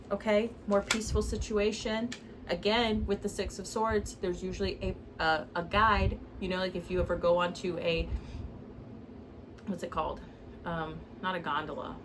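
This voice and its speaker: A woman giving a casual tarot reading, chatty and loose, often saying "like" and "okay?", with the odd curse and laugh. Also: mid-range voice. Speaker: tarot reader. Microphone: phone. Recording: phone recording with clear background noise.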